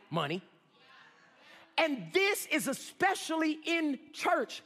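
A male pastor preaching a sermon, swinging between shouts and low asides. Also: big pitch swings, moderate pace, big-room sound. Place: church sanctuary.

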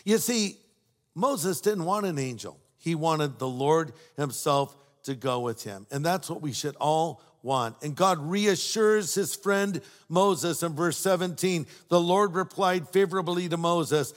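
An older man preaching a sermon as a pastor. He tells stories warmly and adds humorous asides. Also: a little high, animated, a little slow. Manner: warm storytelling with humorous asides. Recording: long hall reverb.

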